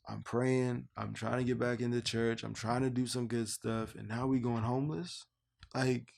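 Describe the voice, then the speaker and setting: Gravelly young man telling his story. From Canada. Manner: animated storyteller who acts out both sides of remembered dialogue in a higher voice. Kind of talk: casual personal testimony.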